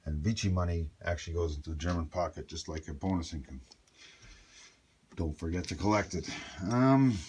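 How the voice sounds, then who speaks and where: A deep-voiced man explains a board game turn by turn in a casual, thinking-aloud way. He drops small asides to himself as he goes. A faint hiss sits under the recording. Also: a little mellow. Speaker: board game player explaining a solo playthrough. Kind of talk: casual tabletop game walkthrough.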